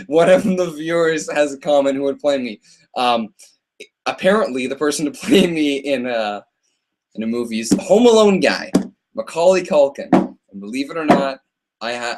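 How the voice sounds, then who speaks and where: A man hosting a live ask-me-anything stream in a rambling, chatty way, laughing often between answers. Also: medium pitch. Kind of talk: casual live-stream chat.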